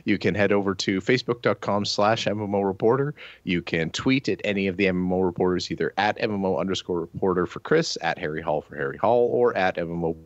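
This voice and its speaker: A man's voice: low voice, fast talker, hardly any pauses, no echo, highs cut off. A man co-hosting a casual gaming podcast, chatty and rambling, stumbling over restarts and cracking jokes. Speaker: podcast co-host.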